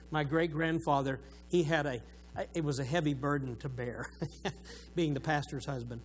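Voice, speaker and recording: A man's voice: fairly high pitch, steady tone, moderate pace, slight background noise, rough recording. A middle-aged man from Oklahoma with a southern Oklahoma accent, a retired pastor greeting a church congregation and preaching, earnest with light joking asides. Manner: warm joking asides, earnest about faith. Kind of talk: church greeting and sermon introduction. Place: church sanctuary.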